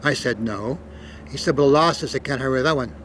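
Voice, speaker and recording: A man's voice: medium pitch, brisk, a bit bright, a little hiss or hum, rough recording. An older man from Canada telling stories in a loose, rambling monologue, cursing freely and punching words with sudden emphasis. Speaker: storyteller. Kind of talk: casual spoken monologue.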